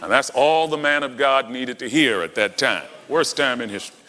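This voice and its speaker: A man's voice: medium pitch, normal speed, bright, forceful tone. A man preaching a sermon, telling stories with dramatic flair and acting out the dialogue. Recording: long hall reverb.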